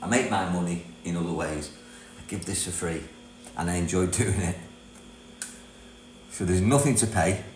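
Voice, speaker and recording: An older man from Britain talks on a casual livestream in a rambling, friendly way, often laughing as he reads comments aloud. His voice sits low. The recording is roomy and echoey, with a faint mains hum behind it. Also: normal speed, long pauses, a little mellow. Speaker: livestream host, self-help coach. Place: property in Thailand.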